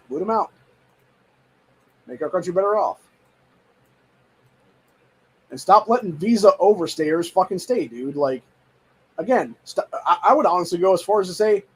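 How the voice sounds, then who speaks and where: A man with a high, husky voice rants in a heated, rambling way. He swears constantly and keeps tossing in "dude" as he talks through his show. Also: low-quality recording. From United States. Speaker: show host. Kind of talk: casual political rant.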